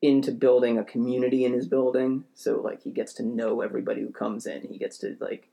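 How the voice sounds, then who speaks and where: Gravelly-voiced man rambling through a story. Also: medium pitch, level tone, a little fast, mellow. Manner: rambling, hesitant, filler-heavy, self-deprecating. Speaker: podcast co-host telling a story. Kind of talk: casual comedic storytelling.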